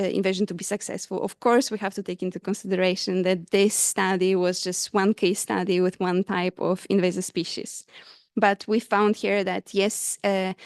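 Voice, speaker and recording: A woman's voice: mid-range voice, a little mellow, clear, resonant tone, dry recording, clean studio sound. A woman giving a scientific conference presentation, hesitant with frequent fillers and restarts, somewhat out of breath. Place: conference hall.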